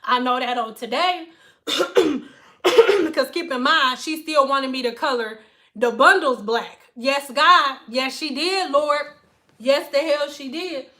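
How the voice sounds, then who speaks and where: Animated, profane woman from Detroit. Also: sits high, slow pace. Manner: animated, profane, thanks donors mid-story. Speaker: hairstylist and livestream host. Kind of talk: livestream storytelling.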